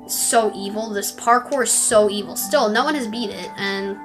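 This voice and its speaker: A woman's voice: medium pitch, normal speed, over music. Gaming creator, woman, mid-range voice, rambling commentary with sudden frustrated outbursts. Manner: chatty, rambling, bursts into frustrated exclamations. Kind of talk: gameplay commentary.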